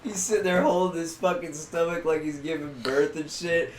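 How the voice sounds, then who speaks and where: A man co-hosting a podcast, telling a story in a loud, profane, animated way and laughing often. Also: on the high side, normal speed, reverberant, a little hiss or hum. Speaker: podcast co-host. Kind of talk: casual storytelling chat.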